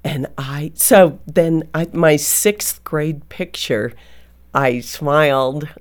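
A woman's voice: sits low, extremely slow. A middle-aged woman co-hosting a radio interview, telling a childhood memory in a thoughtful, affirming way. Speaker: radio co-host.

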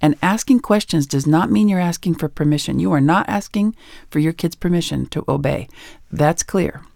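A woman's voice: low-pitched, normal speed, creaky, a little mellow, no room sound, studio quality. A woman author being interviewed on a radio show, telling stories emphatically and with self-assurance. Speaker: guest author and educator.

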